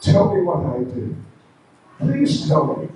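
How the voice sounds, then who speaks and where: A man doing a worried young prince-god pleading with his wife, voice a notch lower and pushier than his telling. the sound is very echoey and far off in a big hall. it stays slow and mellow. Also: sing-song, slight background noise.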